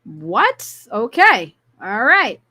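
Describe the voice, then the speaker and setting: A high-voiced woman hosting a live call-in stream, talking loudly and sassily and ranting at callers. Her voice is bright and forceful, she swears freely, and she speaks close to a desk microphone. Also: huge pitch swings, drawn-out words. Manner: loud, sassy and profane, with rambling rants. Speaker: live call-in show host.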